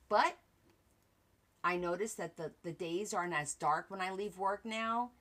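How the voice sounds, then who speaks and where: A woman's voice: mid-range voice, expressive, normal speed, fairly bright tone. Tired, chatty woman hosting a livestream. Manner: chatty, addresses viewers by name, trails off and restarts. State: tired at the end of a long day. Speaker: crafting livestream host. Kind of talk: casual livestream chat.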